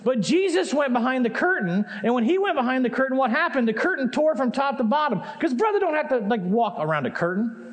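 A man with a high, light voice preaches to his congregation. He talks to them like friends, asks one question after another, and lets his feeling show as he drives each point home. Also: sing-song, fast. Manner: impassioned, conversational preaching with rhetorical questions. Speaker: pastor. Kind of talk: sermon. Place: church sanctuary.

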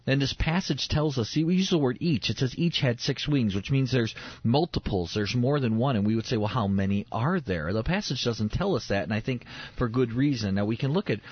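A man's voice: medium pitch, lively intonation, brisk, breathy edge, no echo. A man teaching the Bible in a sermon style, emphatic and repeating key phrases for stress. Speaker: preacher on a faith show. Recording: dull lo-fi sound.

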